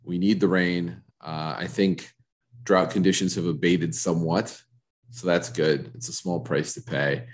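A man's voice: deep voice, fairly even intonation, measured pace. A man hosting a casual solo podcast, rambling in self-mocking repetitive riffs, a bit congested and froggy from allergies. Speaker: podcast host. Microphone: studio microphone.

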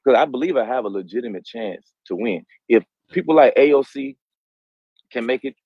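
A man's voice: medium pitch, animated, brisk, breathy edge, no room sound. A man in his forties with a North Carolina accent, calling in and earnestly making his case. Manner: earnest, self-promoting. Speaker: caller, political candidate. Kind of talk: casual call-in talk. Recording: dull lo-fi call line.

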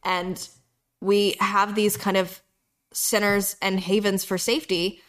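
A woman's voice: medium pitch, little pitch movement, slow pace. A woman from North Carolina talking in a casual podcast conversation, earnest and reflective, often repeating her phrases. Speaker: podcast speaker.

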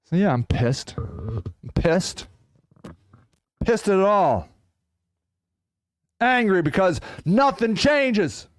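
High-voiced, fiery ranting man. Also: slow pace, pauses often, no echo. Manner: profane, fiery, swings from loud outbursts to low growls; animated, ranting. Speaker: podcast host. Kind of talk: solo podcast rant.

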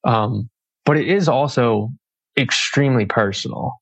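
A young man as an interview guest, speaking earnestly and reflectively with halting phrasing. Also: mid-range voice, vocal fry, dry recording. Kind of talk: conversational interview.

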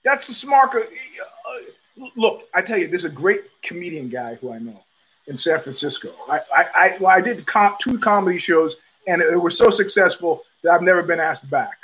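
A man's voice: high voice, lively intonation, normal speed, fairly bright tone, poor audio. A middle-aged man hosting a podcast, talking in a profane, rambling casual monologue full of restarts. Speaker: podcast host.

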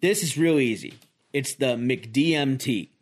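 A man's voice: mid-range voice, a little slow. A man in his forties hosting a podcast, giving a rambling, self-deprecating comedic monologue. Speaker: podcast host.

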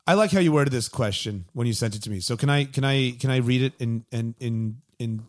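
A man's voice: medium pitch, brisk. A man with a mid-range voice talks through stats on a casual podcast. His delivery is wry and analytical, and he drops in dry jokes along the way. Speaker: podcast co-host. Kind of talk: casual chat.

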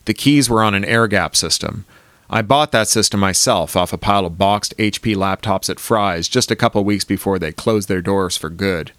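A man's voice: lowish voice, moderate pace, a bit bright, no room sound, close to an everyday voice. A man voicing a wry, paranoid middle-aged tech founder in an audiobook reading.

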